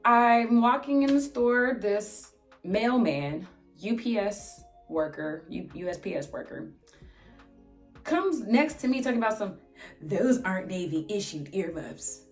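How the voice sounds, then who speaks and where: A young woman telling a storytime vlog as an animated, sarcastic, heavily profane rant. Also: a little high, unhurried, faint music behind. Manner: exasperated, sarcastic. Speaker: vlogger.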